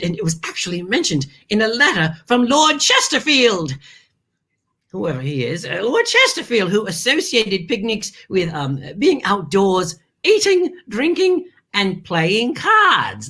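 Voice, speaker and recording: Playful, theatrical woman host with lively pitch. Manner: theatrical, playful, chatty asides; addresses viewers as darling. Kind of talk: hosting a kids' learning show.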